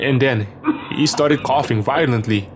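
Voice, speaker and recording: A man's voice: mid-range voice, noisy background. Man narrating a space horror story. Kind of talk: scripted first-person horror narration.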